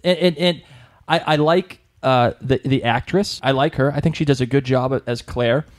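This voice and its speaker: A man's voice: medium pitch, moderate pace. A young man with a Boston accent co-hosting a podcast, talking in a chatty, rambling way with many restarts. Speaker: podcast co-host. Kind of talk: casual chat.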